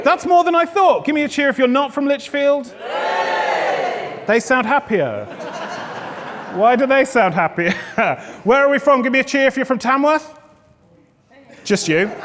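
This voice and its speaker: A jokey man working the crowd as host of a live awards evening, with a notably high voice. His loud, playful patter rings out with a long echo through a big indoor hall. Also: animated, normal speed. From England. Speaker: awards host, stand-up comedian. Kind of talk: stand-up crowd work hosting live event. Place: event venue hall, indoors. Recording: echoey hall with long reverb.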